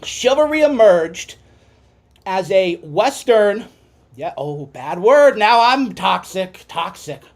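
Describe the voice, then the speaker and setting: A man hosting a podcast, giving an impassioned ranting monologue that swings from quiet musing to shouting. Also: high-pitched. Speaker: podcast host.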